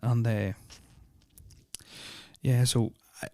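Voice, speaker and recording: A young man hosts a podcast, casually telling a personal story in a nervous, uneasy, rambling way packed with fillers and swearing. His mid-range voice is level and darkish, drawing out words, with studio-quality sound and no room noise.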